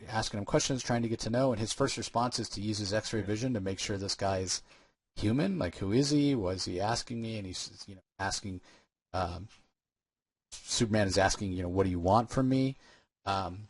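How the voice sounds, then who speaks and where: Male podcast co-host, low husky voice, dry close sound, rambling casual recap. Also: moderate pace, dry recording. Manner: rambling retelling with many fillers and restarts. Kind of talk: casual comic book breakdown chat.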